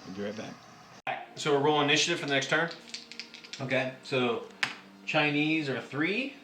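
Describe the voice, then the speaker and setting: A man running a tabletop wargame, casual and excitable, counting dice out loud. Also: a little high, normal speed, background noise. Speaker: game master. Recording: echoey room with music behind.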